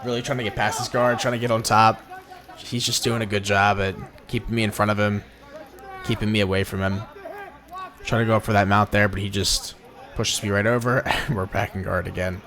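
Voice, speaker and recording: A man's voice: lowish voice, little pitch movement, brisk, a crowd in the background. A young man giving casual, slangy voice-over commentary on his own footage as a vlogger. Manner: laid-back slangy, dude-and-bro talk.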